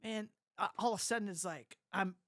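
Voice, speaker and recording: A young adult man telling his story as an interview guest, animated, often laughing and acting out the voices of others. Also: high voice, brisk, no echo, studio quality. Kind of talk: casual storytelling.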